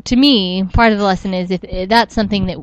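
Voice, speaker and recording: Kobieta swobodnie gawędząca w podcaście, suchy, lekko przytłumiony dźwięk. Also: female voice, medium pitch, fast, clear, resonant tone, no room sound, muffled recording. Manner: rambling, self-interrupting, with frequent laughs. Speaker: podcast co-host. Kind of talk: casual chat.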